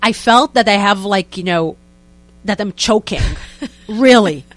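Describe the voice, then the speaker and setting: A young woman, a guest telling a story in a lively, casual way and acting out what people said. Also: medium pitch, measured pace, no room sound. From Israel. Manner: animated, acts out quotes in other voices, many "like" fillers.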